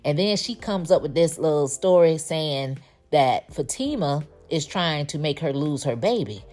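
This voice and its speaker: A woman recapping a TV episode in a casual, animated, gossipy way, full of slang and quoted lines. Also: low voice, measured pace. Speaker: TV show reviewer.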